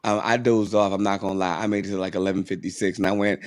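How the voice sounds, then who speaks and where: A man co-hosting a podcast, chatting excitedly and repeating himself for emphasis. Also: sits low, quick pace, no echo, studio quality. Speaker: podcast co-host. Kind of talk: casual chat.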